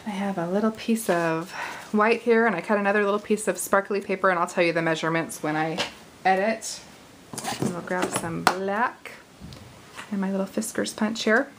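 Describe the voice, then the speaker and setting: A woman's voice: mid-range voice, fairly even intonation, normal speed. Friendly craft host, woman in her forties, talks while she works, light laughs, slight hiss behind. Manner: chatty, laughs easily, thinks aloud while working. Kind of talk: casual card-making tutorial.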